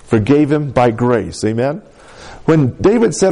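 A male preacher delivers a conversational sermon and often asks the congregation to respond. His voice is warm and mellow, and his pitch swings widely. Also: very animated, measured pace, vocal fry.

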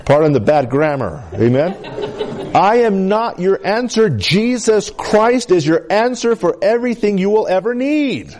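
A male pastor with a San Luis Valley, Colorado accent preaches a sermon, frequently asking the congregation "Amen?" His delivery is animated and unhurried, swinging from emphatic highs to soft asides.

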